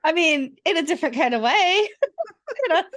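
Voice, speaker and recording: Woman, host, higher voice, very lively, encouraging, quick to laugh. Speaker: podcast host. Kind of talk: casual interview chat.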